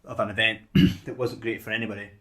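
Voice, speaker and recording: A man's voice: lowish voice, flat delivery, quick pace, a bit bright. A man co-hosting a casual podcast about films, rambling and repeating words as he works his way to his point. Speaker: podcast co-host. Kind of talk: casual film discussion.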